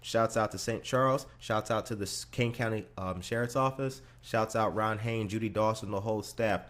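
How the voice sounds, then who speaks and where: Host, male, low voice, loose slangy shout-out delivery. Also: fairly even intonation, moderate pace. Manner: upbeat, giving shout-outs in a loose slangy way. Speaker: podcast host. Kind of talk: casual radio-style podcast chat.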